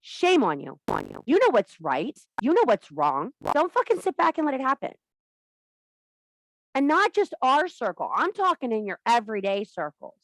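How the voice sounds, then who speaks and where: This woman's voice sits high and swings widely in pitch at a moderate pace, recorded without echo. A spiritual teacher, she delivers a blunt, profane and impassioned talk to a women's circle, preaching with strong emphasis.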